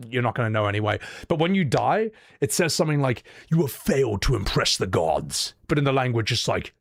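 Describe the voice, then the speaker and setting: Man, Australian accent, young adult, livestream reaction, sweary ranting, animated pitch, dry sound. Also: no room sound. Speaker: streamer reacting to trailers.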